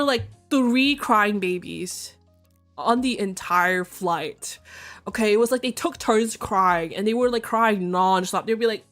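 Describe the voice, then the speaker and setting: A young woman streaming, talking casually and candidly, swearing freely and breaking into excited shrill outbursts. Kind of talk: casual chat.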